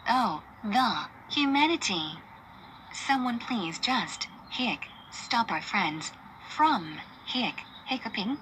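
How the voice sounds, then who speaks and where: A bossy cartoon girl, as a woman voices her. She speaks at a mid pitch in a flat, synthetic delivery. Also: moderate pace, a little hiss or hum, close to an everyday voice, poor audio.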